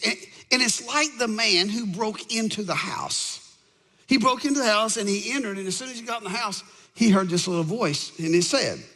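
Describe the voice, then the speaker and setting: A man preaching to a church congregation, his voice pitched high and rough with fry. He speaks in an animated storytelling way and puts on voices for the people in his stories. The sound carries a long reverb from a large hall. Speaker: pastor. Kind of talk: sermon. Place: church sanctuary with audience.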